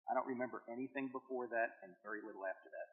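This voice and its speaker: A Christian apologetics speaker in his fifties gives a church seminar talk in a medium-pitched, slightly rough voice at a quick pace. He tells stories with jokes and acts out dialogue for the audience. The hall is echoey and the sound comes through a tinny, phone-like line.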